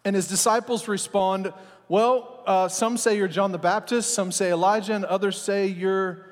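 Male pastor, high voice, storytelling sermon with casual asides, long hall reverb. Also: normal speed. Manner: animated storytelling, voices the disciples in casual speech.

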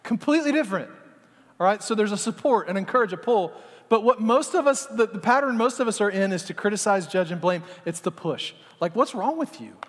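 Animated high-voiced man preaching. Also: fairly quick. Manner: animated, acts out little scenes, talks to the congregation. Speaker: pastor. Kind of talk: sermon. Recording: long hall reverb.

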